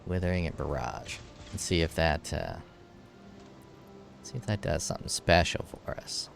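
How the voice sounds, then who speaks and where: Low gravelly dude talking through his game, offhand, cusses a lot. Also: normal speed, faint music behind. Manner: offhand, swears freely, thinks aloud. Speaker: gameplay streamer. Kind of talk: casual gameplay commentary.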